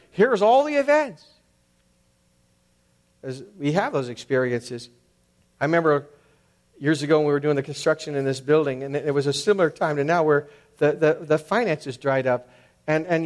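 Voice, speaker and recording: A middle-aged man preaching as a pastor in a conversational, storytelling manner, sometimes acting out quoted voices. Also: fairly high pitch. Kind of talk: sermon.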